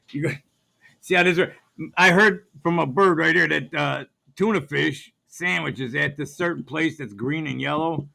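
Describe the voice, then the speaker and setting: Male vlogger, gravelly and forceful, ranting and conspiratorial, filmed on a phone in store aisles. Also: on the high side. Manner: ranting, conspiratorial, repeats "see how that works". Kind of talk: ranting shopping vlog.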